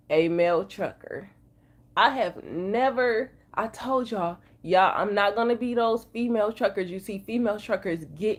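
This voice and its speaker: A woman truck driver, vlogging to her viewers, upset and emotional after just waking up. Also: mid-range voice. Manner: talks slowly and drawls, addresses viewers as y'all. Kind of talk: emotional casual vlog to viewers.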